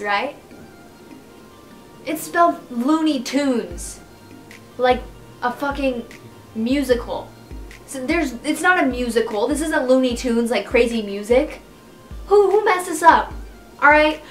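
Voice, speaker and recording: A young woman with a high, bright voice talks straight to her viewers in a loose, chatty vlog. She is animated and disbelieving, swinging into sudden swearing outbursts, with faint music under her. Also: low-quality recording. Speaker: YouTuber. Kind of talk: casual vlog monologue.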